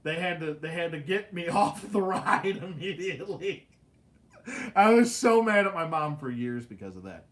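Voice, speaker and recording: Livestream host, male, slightly raised pitch, lively casual storyteller who laughs and swears. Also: normal speed. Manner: animated, laughing, swearing, acts out quotes.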